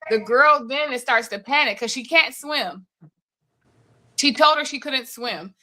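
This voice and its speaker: A woman's voice: sits high, unhurried, sharp tone. A woman co-hosting a casual podcast chat, animatedly retelling a story and acting out the voices in it. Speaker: podcast co-host.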